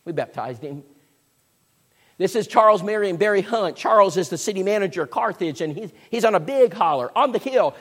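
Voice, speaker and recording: A man, preaching a sermon as a folksy, animated storyteller. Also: high-pitched. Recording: echoey hall with long reverb.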